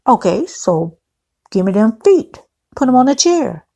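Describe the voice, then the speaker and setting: A woman's voice: on the high side, sing-song, unhurried, gravelly, dark tone, voice pushed up, full character voice. A woman reading out the lines of a direct, flirtatious man at dinner, barely acting. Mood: flirty. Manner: plain read-out dialogue, barely acted.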